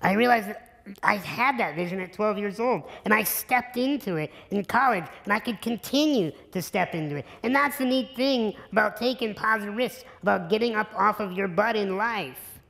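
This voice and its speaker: A man's voice: sits high, moderate pace, gravelly, sharp tone. A man giving an earnest, emphatic motivational keynote speech in a conference hall. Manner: earnest, emphatic, builds to repetition. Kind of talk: inspirational speech. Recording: reverberant hall.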